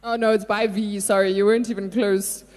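A woman's voice: mid-range voice, flat delivery, a little fast, a little mellow. A woman hosting a casual comedy chat, laughing and teasing as she runs a party game. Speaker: show host. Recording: long hall reverb.

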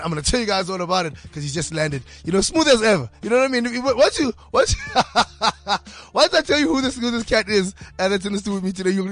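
A man hosting a podcast in a studio, talking in an energetic, slangy, rambling way. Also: sits high, no echo. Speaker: podcast host. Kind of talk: casual podcast chat. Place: radio studio.

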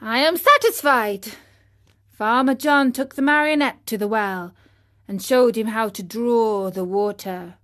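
A woman reading a children's storybook aloud in a gentle, expressive way. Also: on the high side, a little slow. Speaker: narrator.

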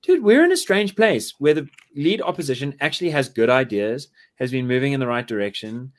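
A South African man in casual podcast chat, rambling through his points with plenty of "like" and "you know". His pitch swings widely, lively and expressive, at a middling height. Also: a little fast. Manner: rambling, animated, filler-heavy.

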